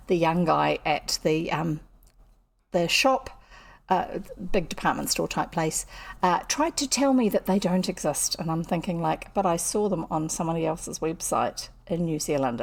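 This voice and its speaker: A woman's voice: fairly low pitch, gravelly, darkish tone. A woman chatting casually on a livestream from her home desk, rambling and interrupting herself as a storyteller. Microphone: computer streaming setup.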